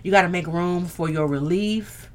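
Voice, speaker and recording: A livestream host with a fairly low voice talks at normal speed in a casual stream. She is candid and earthy, swears, and speaks straight to her viewers.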